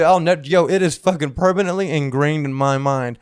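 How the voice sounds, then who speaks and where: A man's voice: fairly high pitch, fast talker, few pauses, smooth, dry recording. A man co-hosting a podcast, telling a rambling, profane story in casual chat. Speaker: podcast co-host.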